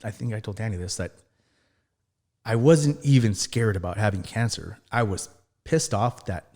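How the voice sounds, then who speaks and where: A man's voice: lowish voice, moderate pace. Man in his thirties telling a story. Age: 30s. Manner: animated, acts out quoted dialogue, swears. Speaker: guest firefighter. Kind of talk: casual storytelling.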